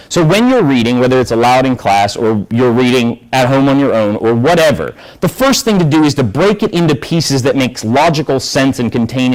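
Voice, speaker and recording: A man's voice: mid-range voice, low-quality recording. A man teaching an English class, explaining and asking students questions. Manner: lively, asks the class questions. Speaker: high school English teacher.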